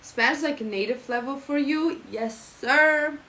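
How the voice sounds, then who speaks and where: A woman's voice: sits high, a little fast, low-quality recording. A young woman streamer with a German accent, chatting playfully and reading out her live chat. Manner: playful, jokey, switching into silly mock phrases.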